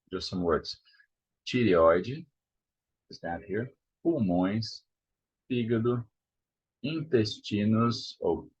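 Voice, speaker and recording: Brazilian man, language teacher, very low voice, husky, slow and repetitive, dull lo-fi sound. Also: fairly bright tone. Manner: slow, repeats words to model pronunciation. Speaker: Portuguese teacher. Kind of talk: language lesson.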